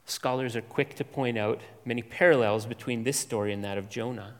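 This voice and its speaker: A man preaches with a measured, emphatic delivery, stacking up lists and letting pauses hang. His voice sits at an ordinary middle pitch for a man. It rings out with a long reverb, as if in a large sanctuary. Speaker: pastor. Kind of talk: expository sermon.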